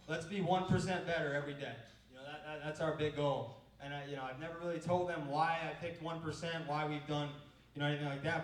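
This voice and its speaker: A young man, a college baseball coach, speaks to a crowd in a fairly high voice. He rambles through his stories, leaning on "you know" over and over. The sound is roomy and a bit distant, as if picked up from across a hall. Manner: rambling, filler-heavy storytelling. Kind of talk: speech to an audience.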